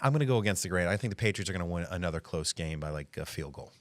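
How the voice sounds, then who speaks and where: Fast-talking, low-voiced sports anchor. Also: male voice, expressive, dry recording. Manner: easygoing, rambling with fillers and restarts. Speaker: sports anchor co-hosting a sports talk show. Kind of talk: casual sports chat.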